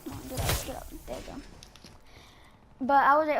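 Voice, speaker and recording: A woman's voice: high-pitched, fairly even intonation, a little fast, noisy background. A woman telling a casual story while she plays a game, rambling and full of filler words. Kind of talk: casual storytelling over gameplay.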